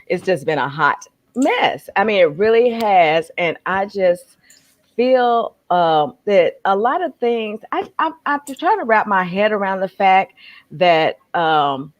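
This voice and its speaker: A woman's voice: mid-range voice, slow pace, muffled recording. A woman from Texas, co-hosting a casual video-call chat and telling stories, calling people honey and child. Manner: expressive storyteller, calls people honey and child. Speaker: co-host. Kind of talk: casual live-stream chat.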